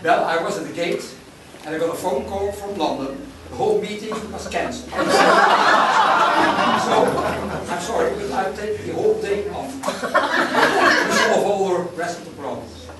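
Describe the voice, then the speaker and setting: A man's voice: sits high, animated, moderate pace, pauses often. A man playing a carefree ambassador in an amateur stage play, offhand and laughing. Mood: breezy. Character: breezy male ambassador, carefree. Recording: echoey hall from far off, loud noise.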